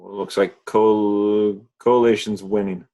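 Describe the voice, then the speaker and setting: A man's voice: lowish voice, level tone, slow, warm tone. A man moderating an online workshop, casually reading out the audience's poll answers on a video call. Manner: brief, casual reports of poll results.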